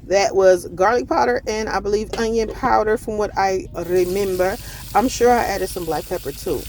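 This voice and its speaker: A woman's voice: mid-range voice, moderate pace, darkish tone. Chatty woman cooking voiceover. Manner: chatty, folksy, addresses viewers as y'all. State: throat irritation, clearing throat. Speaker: cooking vlogger. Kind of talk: casual recipe voiceover. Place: parked car on a work break.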